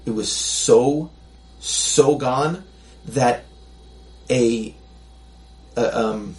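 A man's voice: mid-range voice, drawn-out words. A man talking as a podcast guest in casual chat, reflective and rambling with lots of restarts. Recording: echoey room.

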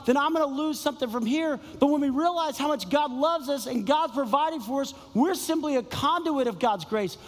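A man's voice: very high voice, big-room sound. A man preaching a sermon, telling stories with exclamations and repeated phrases. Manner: storytelling, exclamatory and repetitive. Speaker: pastor.

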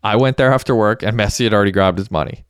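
A man's voice: fairly low pitch, very fast, clear, resonant tone, no echo, studio quality, lightly acted. A man voicing an easygoing, sly young man with a breezy, mock-polite cheerfulness. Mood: friendly.

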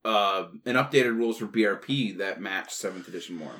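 A man's voice: lowish voice, fairly quick, fairly bright tone. A man co-hosting a podcast, chatting casually with teasing, dry asides. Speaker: podcast co-host. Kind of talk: casual chat.

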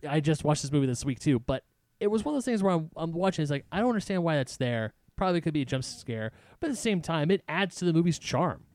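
A man's voice: a little high, expressive, fast talker, darkish tone, dry recording. A young man co-hosting a podcast in casual chat, rambling and nostalgic. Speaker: podcast co-host.

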